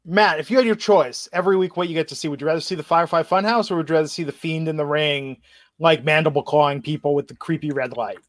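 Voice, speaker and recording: A man's voice: on the high side, quick pace, no room sound, clean studio sound. A man co-hosting a casual wrestling podcast, recapping the night's show with easy asides. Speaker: podcast co-host.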